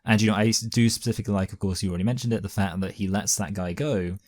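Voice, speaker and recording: Fast-talking low-voiced male reviewer. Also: steady tone, a little mellow, a little hiss or hum. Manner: quick, halting, repeats words. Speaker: podcast co-host, movie reviewer. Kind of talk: casual chat.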